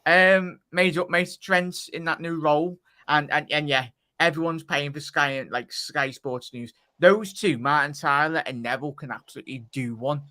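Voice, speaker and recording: A man's voice: on the high side, fairly even intonation, moderate pace, few pauses, pushed and bright. A man co-hosting a casual football chat, cheeky and full of banter, calling everyone mate. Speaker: football podcast co-host. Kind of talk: casual post-match chat.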